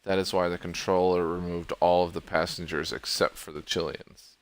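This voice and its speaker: A man's voice: low voice, flat delivery, normal speed. A man hosting a casual let's play, commenting on the game in a sarcastic, wisecracking way.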